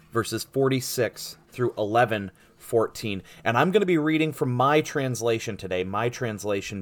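A man preaching a sermon, reading scripture and earnestly explaining it, stressing particular words. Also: mid-range voice. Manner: earnest, deliberate, emphasizing key words; animated dramatic delivery when reading. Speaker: pastor.

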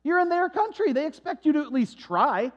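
An earnest officer lays out the rules of manners in a raised, instructive voice, as a preacher puts him on. The sound is dull and lo-fi. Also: male voice, very high voice, big pitch swings, a little fast, a bit bright, voice pushed up, exaggerated voice. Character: patient French-speaking officer, man, explaining. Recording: dull lo-fi recording.

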